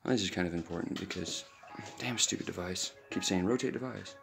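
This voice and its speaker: A man's voice: sits low, fairly quick, vocal fry, fairly bright tone, faint music behind. A man casually chatting on a live stream, rambling and telling a story in a loose, offhand way. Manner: rambling, baby-talks to his puppies. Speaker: vlogger.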